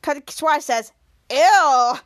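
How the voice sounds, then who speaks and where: A woman's voice: high voice, brisk, a bit bright. A woman hosting a podcast, recapping a TV episode scene by scene and reading the quoted lines in a livelier voice, with frequent restarts. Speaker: podcast host.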